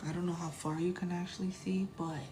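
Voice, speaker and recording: A woman's voice: fairly low pitch, level tone, fast, noisy background. A woman doing a casual tarot reading, chatty and blunt, sometimes dropping to a whisper and swearing freely. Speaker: tarot reader.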